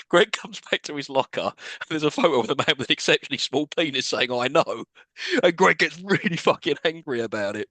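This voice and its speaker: A man's voice: medium pitch, fairly bright tone, no room sound. Laughing man recapping a film. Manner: recaps scenes, laughing often, swears casually. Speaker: podcast co-host. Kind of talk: casual film recap chat.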